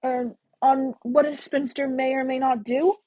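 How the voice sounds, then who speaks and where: A woman's voice: sits high, flat delivery, measured pace, warm tone, pitched above the performer's own voice. A woman voicing a shy, hesitant young spinster while reading a romance novel aloud.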